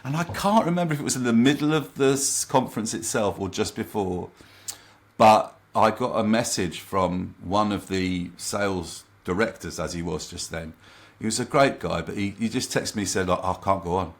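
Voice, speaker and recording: A man working as a confidence coach, telling lively anecdotes in a casual interview and acting out quoted remarks. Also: lowish voice, normal speed.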